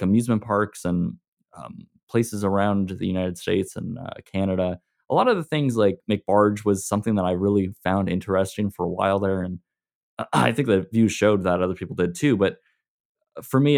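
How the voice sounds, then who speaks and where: A man speaks in a lowish, gravelly voice full of vocal fry, meandering easily through his thoughts. The recording is close and dry. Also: no room sound. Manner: relaxed, meandering, lots of fillers. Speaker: video creator, podcast guest. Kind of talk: casual conversation.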